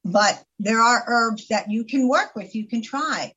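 A woman's voice: fairly high pitch, unhurried, sharp tone, slightly rough, highs cut off. A woman herbalist from California chatting as a radio guest, telling stories emphatically with many restarts. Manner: storytelling, emphatic, with repeated starts. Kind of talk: casual radio chat.

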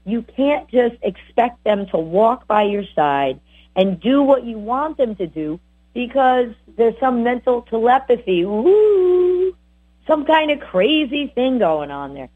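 A woman dog trainer giving lively, chatty advice on bonding with dogs. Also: a little high, measured pace. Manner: animated, chatty, voices the dogs. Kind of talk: casual advice talk. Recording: tinny phone-like audio.

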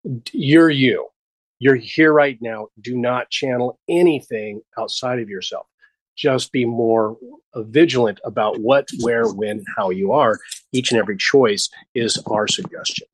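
Husky-voiced man, halting spiritual host. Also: medium pitch, dry recording, rough recording. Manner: halting, many restarts and fillers, bursts of enthusiasm. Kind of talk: casual spiritual chat.

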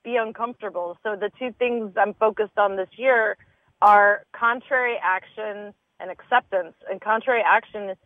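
A woman's voice: medium pitch, normal speed, no room sound. A woman stand-up comedian chatting as a guest, candid and swearing casually as she acts out her own thoughts. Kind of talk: casual podcast chat. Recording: dry, tinny phone-like sound.

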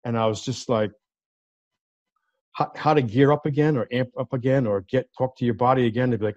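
A man guesting on a talk show, telling a story in a lively way and acting out the voices of the people in it. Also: mid-range voice, normal speed, pauses often, no room sound. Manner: animated, acts out quoted voices. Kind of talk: casual storytelling. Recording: dull lo-fi dry sound.

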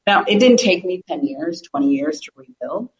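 Animated middle-aged woman, echoey room. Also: on the low side, normal speed, muffled recording. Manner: animated, laughs often, acts out quotes. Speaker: guest, business coach. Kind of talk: emotional storytelling interview.

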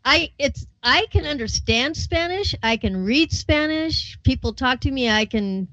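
A woman hosting a casual interview show, chatty and quick to laugh, often restarting her sentences. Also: high-pitched, expressive, pushed and bright, dry recording, muffled recording. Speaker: show host.

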